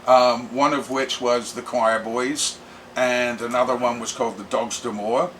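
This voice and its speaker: A middle-aged man, a rock musician telling stories in a brash, animated interview. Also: mid-range voice, a little slow, a little hiss or hum. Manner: brash, animated, does voices for quoted people. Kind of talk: casual storytelling interview.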